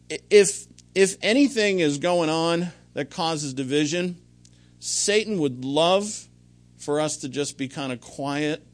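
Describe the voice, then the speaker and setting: A man's voice: medium pitch, vocal fry. A middle-aged man preaching a sermon in a conversational, rambling way, full of anecdotes and restarts. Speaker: pastor.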